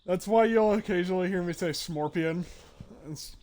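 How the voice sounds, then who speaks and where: A man's voice: high voice, fast, a little mellow. A young man giving casual, rambling live-stream commentary while playing a game, with lots of filler words.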